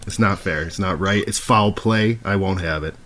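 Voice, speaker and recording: A man's voice: low voice, moderate pace, fairly bright tone. Teasing, foul-mouthed male podcast host. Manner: teasing, swears a lot. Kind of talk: casual podcast chat.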